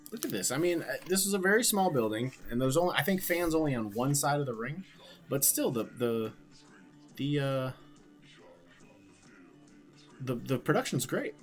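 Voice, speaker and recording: A man's voice: medium pitch, big pitch swings, normal speed, pauses often, soft background music. A man from Ohio, speaking, chatting casually and rambling on a livestream while answering viewer questions. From Ohio, USA. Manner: laid-back, rambling, swears freely. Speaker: wrestler streaming and watching his matches.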